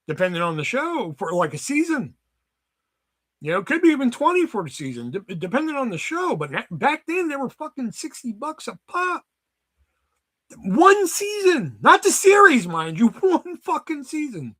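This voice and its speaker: A man in his thirties hosting a casual livestream, rambling and swearing as he tells animated stories. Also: high-pitched. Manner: rambling, profane, animated storytelling. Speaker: livestream host.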